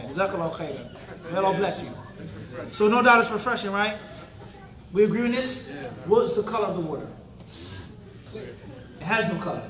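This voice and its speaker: A man's voice: sits high, fairly bright tone. A man giving an interactive religious lecture in a mosque hall, constantly quizzing the audience with fill-in-the-blank questions and tossing in casual street-talk asides. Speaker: Islamic teacher. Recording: roomy hall, mic at a distance.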